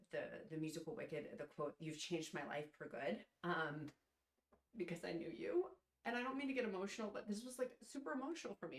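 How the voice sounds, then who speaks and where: At home in her robe, a woman speaks straight to the camera in an emotional, casual vlog, tearful and heartfelt while rambling with fillers. Her voice is on the low side, with a roomy sound.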